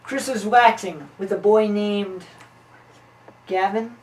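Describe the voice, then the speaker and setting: A woman's voice: mid-range voice, takes it slowly, natural voice, low-quality recording. A woman playing a rambling, scheming informant. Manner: long-winded, deadpan storytelling.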